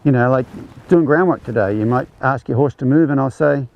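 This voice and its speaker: A man with a gravelly, mid-pitched voice runs a horsemanship clinic, talking through each step while he demonstrates. The sound is dull and lo-fi, like a livestream from an outdoor ranch arena. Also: a little fast. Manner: explains conversationally, demonstrating as he speaks. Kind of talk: live teaching demonstration.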